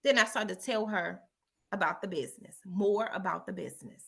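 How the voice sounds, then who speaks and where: A woman's voice: mid-range voice, fairly quick, gravelly, fairly bright tone. A middle-aged woman telling a story and giving a motivational talk, with emphatic repetition and a preachy tone. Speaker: motivational speaker.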